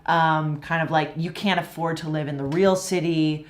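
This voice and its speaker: A woman's voice: low voice, fairly even intonation, moderate pace. A woman co-hosting an English lesson chat, explaining things casually with lots of fillers. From Los Angeles, USA. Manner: chatty, explains with many fillers. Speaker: English teacher and co-host.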